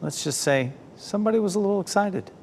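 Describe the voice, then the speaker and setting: A man anchoring a local midday newscast, reading stories in a brisk, upbeat way. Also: sits high, lively intonation, vocal fry, noisy background. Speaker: news anchor.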